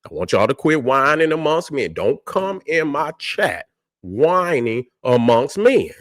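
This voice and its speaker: A man's voice: medium pitch, sing-song, a little slow, no echo. Combative man livestreaming, dry close sound. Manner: combative, repetitive "you see what I'm saying", profane. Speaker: livestream host. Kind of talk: preaching livestream monologue.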